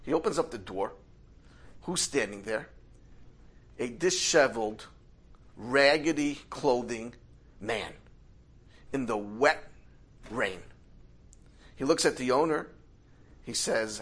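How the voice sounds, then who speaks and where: Husky bright storyteller man. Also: medium pitch, animated. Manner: measured, dramatic pauses. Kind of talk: oral storytelling.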